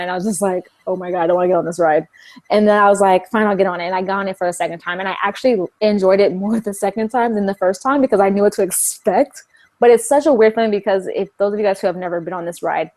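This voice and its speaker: A woman's voice: mid-range voice, a little mellow. A young woman from California co-hosting a casual podcast chat, talking in a chatty way with lots of "like" and restarts. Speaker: podcast co-host.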